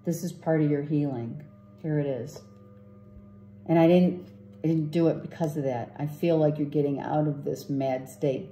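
A woman with a low, mellow voice gives a casual tarot reading in a reverberant space. She rambles, repeats herself, and keeps asking "right?"

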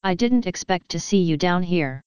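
A woman's voice: lowish voice, lively intonation, normal speed, darkish tone, clear, resonant tone, no echo, natural voice. A woman voicing a withdrawn, grieving young woman who speaks in an oddly controlled, evasive way. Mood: guarded.

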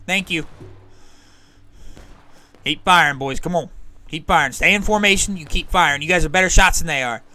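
A man's voice: on the high side, moderate pace, pauses often, pushed and bright. A man streaming a game, leading his squad over voice chat and calling out repeated orders to keep firing and hold the line. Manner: commanding, rallying, repeats orders. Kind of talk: live gameplay voice chat, barking orders.

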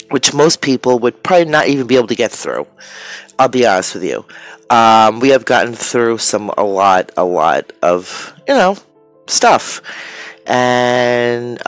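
Woman, forties, casual rambling craft vlog chat, unhurried pace, faint background music. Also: rumbling low, dry recording. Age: 40s. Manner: chatty and rambling, with many fillers. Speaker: crafter vlogger. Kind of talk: casual chat while showing art materials.

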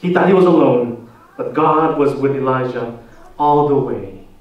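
A man preaching a sermon as pastor, posing slow, deliberate rhetorical questions to the congregation. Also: mid-range voice, far from the mic, lo-fi sound. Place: church sanctuary. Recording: echoey church hall, voice from off the mic.

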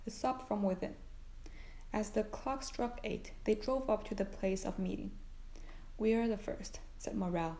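A woman reading a classic novel aloud as an audiobook narrator, steady and unhurried. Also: medium pitch, vocal fry, reverberant, rough recording. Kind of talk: scripted narration.

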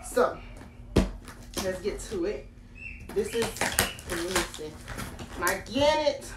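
A woman's voice: mid-range voice, slow pace. Gushing teenage girl in an echoey room. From Florida. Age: late teens. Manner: gushing and excited, talks straight to viewers. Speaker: doll collector vlogger. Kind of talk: casual unboxing vlog. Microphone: phone. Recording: echoey room, faint background noise.

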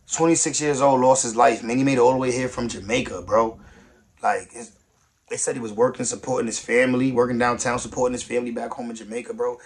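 A young man giving slangy, animated commentary on a news story, swinging from soft to loud. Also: mid-range voice. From New York. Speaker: vlogger reacting to news. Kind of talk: casual street-talk commentary.

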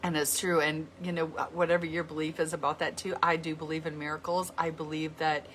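A middle-aged woman talking to her viewers in an earnest, heartfelt way, often halting and restarting her sentences. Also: deep voice, little pitch movement, fairly bright tone, a little hiss or hum. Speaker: vlogger. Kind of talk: heartfelt casual talk to viewers.

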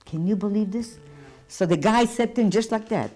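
A woman's voice: mid-range voice, moderate pace, dark tone, soft background music. An older woman giving personal testimony as a survivor, telling her story vividly and acting out the voices of the people in it. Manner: vivid storytelling, acts out dialogue. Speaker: Holocaust survivor interviewee.

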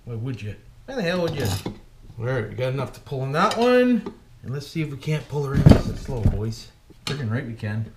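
Speaking briskly in a sing-song, medium-pitched voice, a Canadian man keeps up jokey, casual talk as he rebuilds an engine. He talks to himself as he works and calls his viewers "boys," with background noise in an echoey room.

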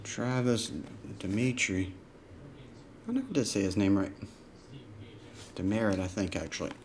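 A man's voice: lowish voice, animated, measured pace, a little hiss or hum. A man hosting a live card break in a casual way, calling out player names as he opens packs. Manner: rattles off player names while opening packs.

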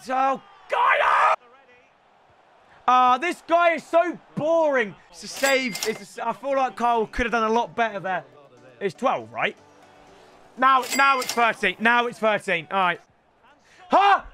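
A young man with a British accent giving excitable, shouty live commentary on his football game as a streamer, bantering with chat. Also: extremely high pitch, moderate pace, faint music behind. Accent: British English. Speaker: gaming streamer.

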